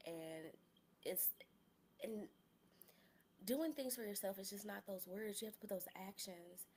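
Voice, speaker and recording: A woman in her late thirties hosting a solo podcast, talking candidly in a chatty, slangy way that drops to soft murmurs and jumps to loud, excited bursts. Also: medium pitch, a little slow, a little hiss or hum. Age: 30s. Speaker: podcast host. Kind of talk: casual solo podcast monologue.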